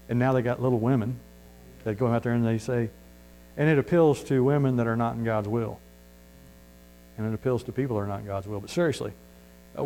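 A man preaching, folksy and emphatic, pushing his voice up to stress key points. His pitch sits in the middle range. A faint mains hum runs under the recording. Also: darkish tone, low-quality recording. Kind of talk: sermon.

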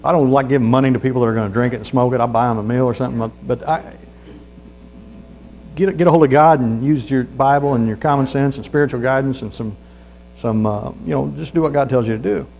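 Male preacher, mid-pitched, folksy storyteller, reads scripture, peppers his talk with amens. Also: vocal fry, a little mellow, slight background noise, low-quality recording. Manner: reads scripture aloud slowly. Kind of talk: sermon.

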